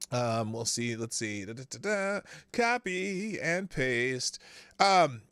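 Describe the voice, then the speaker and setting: A man hosting a live-stream show, casually reading out viewer comments and reacting to them in a chatty, animated way. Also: mid-range voice, dry recording. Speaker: livestream show host.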